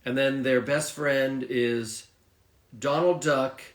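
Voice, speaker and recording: Male co-host, steady and calm, models words clearly for learners; echoey room. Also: medium pitch, slow pace. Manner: calm, steady, says each word clearly on request. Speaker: co-host introducing vocabulary. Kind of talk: casual lesson, reading word list.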